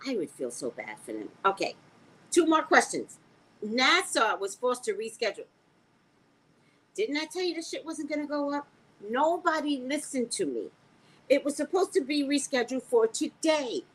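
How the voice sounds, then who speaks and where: A woman with a squeaky voice hosting a casual live stream, reading quiz questions to her viewers and bantering with them in a sassy way. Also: moderate pace, breathy edge, low-quality recording. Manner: sassy, animated, talks back to viewers.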